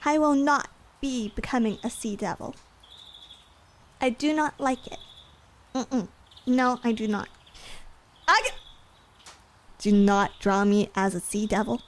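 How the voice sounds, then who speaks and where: A woman's voice: a little high, measured pace, pauses often, slight background noise. A young woman streaming casually, talking in a playful, giggly, rambling way. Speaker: VTuber streamer.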